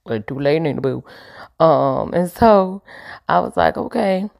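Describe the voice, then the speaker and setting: Gravelly low-voiced woman telling her story. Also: animated, a little slow, a little mellow. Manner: emphatic, repeats points, preachy asides. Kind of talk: candid storytelling.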